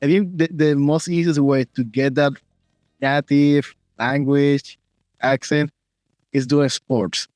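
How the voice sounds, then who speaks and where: A male interview host, a native Spanish speaker, asking questions in halting, broken phrasing. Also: on the high side, steady tone, a little mellow, no echo, faint music behind. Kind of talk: casual interview.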